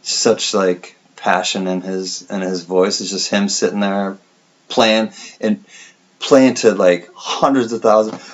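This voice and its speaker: A man's voice: deep voice, level tone, slow pace, dull audio. A man hosting a collectibles livestream, chatting casually and reading out viewer comments.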